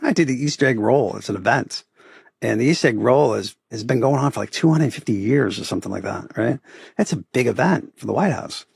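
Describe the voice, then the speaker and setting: A middle-aged man from Boston with a Boston accent, a podcast guest telling stories about his photography business in a casual, animated way, often adding "right?". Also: medium pitch, brisk, vocal fry, slightly rough, no room sound, studio quality. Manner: animated storyteller, acts out quoted voices, often adds "right?". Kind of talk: casual interview storytelling.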